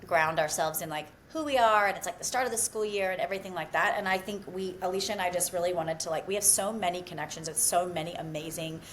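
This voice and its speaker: A woman's voice: fairly low pitch, quick pace, hardly any pauses, slight background noise, low-quality recording. Chatty woman hosting with an American accent. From Australia. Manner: warm, chatty, heavy on fillers like "um" and "like". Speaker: podcast host. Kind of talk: casual podcast chat.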